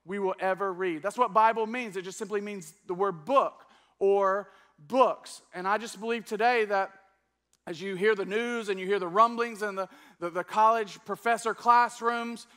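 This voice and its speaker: A man preaching a teaching sermon to a church congregation, energetic and coaxing them to join in. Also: sits high, moderate pace. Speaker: pastor. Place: church service before a congregation.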